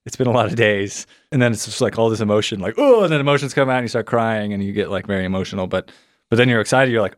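A man's voice: on the low side, fast talker, dry recording, studio quality. A young man telling a personal story in a casual, rambling way, full of "like" fillers and acted-out quotes. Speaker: son of a missing hunter, guest.

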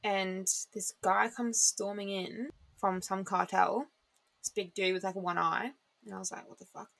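Gravelly young woman. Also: mid-range voice, measured pace, no room sound. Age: 20s. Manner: animated storyteller, swears casually, many fillers. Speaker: podcast co-host. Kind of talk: casual chat.

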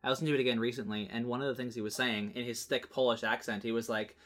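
Animated bright-voiced man chatting fast. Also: mid-range voice. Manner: animated, quick bursts, full of "like" and restarts. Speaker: podcast co-host. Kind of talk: casual chat.

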